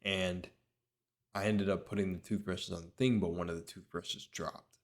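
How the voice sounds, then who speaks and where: Deep-voiced man rambling through a story. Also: fairly even intonation, normal speed. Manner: rambling, lots of filler words, self-correcting. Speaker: vlogger. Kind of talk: casual storytelling.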